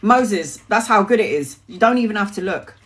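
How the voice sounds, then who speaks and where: A woman's voice: mid-range voice, animated, normal speed, fairly bright tone, a little hiss or hum. A woman giving live tarot readings to viewers, chatty and emotional, calling people by name and laughing easily. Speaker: tarot reader.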